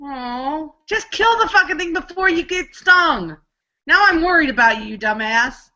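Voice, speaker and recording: Excitable high-voiced woman, swearing freely. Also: normal speed, muffled recording. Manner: animated, swears a lot, excitable storyteller. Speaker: co-host. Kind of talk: casual live chat.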